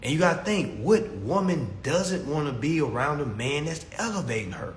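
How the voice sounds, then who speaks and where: A man's voice: a little high, very animated, normal speed, hardly any pauses, reverberant, slight background noise. A man preaching to his livestream audience in a casual, slangy monologue, emphatic and given to repeating himself. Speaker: livestream host answering chat.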